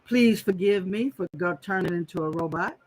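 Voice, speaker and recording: A woman's voice: lowish voice, moderate pace, darkish tone, poor audio. A woman hosting a casual live-stream quilting tutorial, chatting straight to her viewers as she goes.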